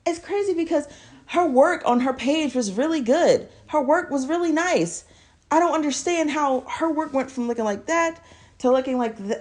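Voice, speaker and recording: A woman's voice: fairly high pitch, darkish tone. A young woman vlogger telling a storytime with exasperated, slangy animation. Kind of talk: storytime vlog.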